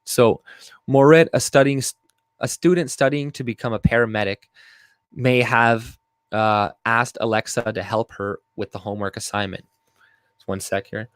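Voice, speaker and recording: A man's voice: mid-range voice, fairly even intonation, normal speed, no room sound. A man giving a casual, profane, rambling commentary on news stories, reading articles aloud. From Canada. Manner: rambling and profane, with frequent fillers and laughs. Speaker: video commentator.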